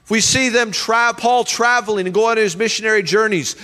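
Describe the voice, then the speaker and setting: A man's voice: high voice, a little fast, bright, forceful tone. A man preaching a sermon as pastor, emphatic and leading the congregation in call-and-response. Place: church hall. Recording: long reverb of a church hall.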